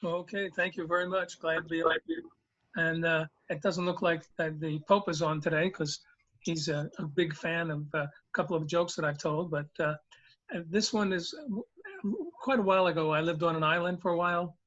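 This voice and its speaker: A man's voice: fairly high pitch, normal speed, a bit bright, highs cut off. A man phoning into a talk show who tells a long joke, putting on comic accents for the characters. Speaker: caller telling jokes. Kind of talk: joke telling.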